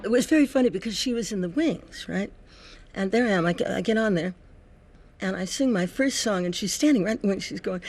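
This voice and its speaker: An older woman, an interview guest, telling lively anecdotes and acting out the voices of people she quotes. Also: mid-range voice, fairly quick, faint music behind.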